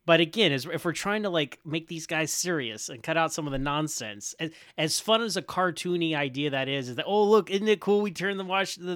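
Fast, bright-voiced American man. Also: on the high side, clear, resonant tone, no room sound, studio quality. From United States. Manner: quick, decisive, wry. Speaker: podcast guest. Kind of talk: casual film discussion.

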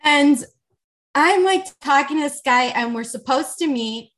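A woman's voice: high voice, a little slow. Chatty woman telling a story. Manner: animated, chatty, lots of "like". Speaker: intimacy coach guest. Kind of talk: casual podcast storytelling.

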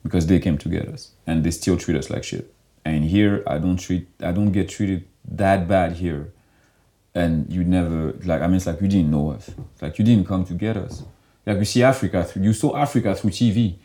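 A young man talking casually in an interview, loose and animated, and he fills his speech with "like.". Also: low-pitched, moderate pace. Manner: loose and animated, heavy filler "like". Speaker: guest.

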